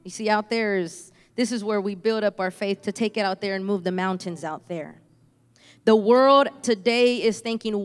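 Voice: mid-range voice, normal speed, clean tone, in a large hall. A church speaker from Houston giving a fervent preaching testimony, repeating phrases for emphasis. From Houston, Texas.

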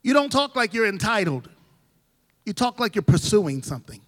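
Man, pastor, high voice, preaching cadence, loud-to-soft swings, long church reverb. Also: sing-song, normal speed. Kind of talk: sermon. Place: church sanctuary.

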